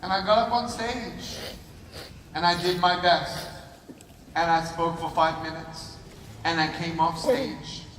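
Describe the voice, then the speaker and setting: A man telling a lively personal story to a convention audience, acting out the dialogue as he goes. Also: high voice, takes it slowly, long pauses. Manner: animated, acts out dialogue with shifting voices. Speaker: motivational speaker. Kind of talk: storytelling talk on stage. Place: convention hall. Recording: distant roomy hall with audience. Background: audience and noise.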